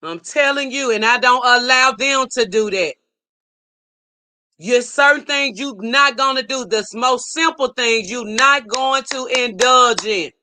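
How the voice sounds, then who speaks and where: A middle-aged woman hosting a live stream reads viewer comments aloud and preaches emphatically, repeating her points for emphasis. Her voice is on the high side, pushed and bright, at a measured pace.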